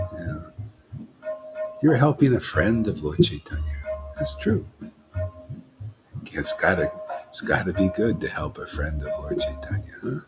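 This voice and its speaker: A man, a monk leading a devotional gathering, giving a rambling informal talk and often checking in with his listeners. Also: low voice. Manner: rambling, keeps asking listeners "you know?". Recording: music playing behind the voice.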